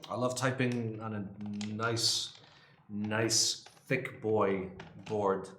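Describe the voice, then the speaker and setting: A man's voice: lowish voice, steady tone, extremely slow, a bit bright. Hungover male streamer in an echoey room. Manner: profane, loose, chatty. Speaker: livestream host. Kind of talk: casual livestream chat. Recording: roomy echo.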